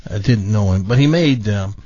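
A man's voice: fairly low pitch, lively intonation, normal speed, warm tone, dry recording, lo-fi sound. A male radio talk show host chatting on air in a reflective, rambling way, full of restarts. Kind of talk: casual on-air chat.

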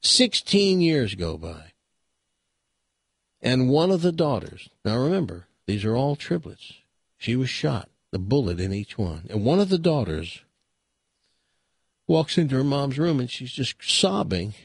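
A man's voice: medium pitch, unhurried, creaky, breathy edge, no room sound, clean studio sound. A man hosting a radio show, chatting casually and telling a long joke with dramatic pacing. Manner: animated, dramatic storyteller.

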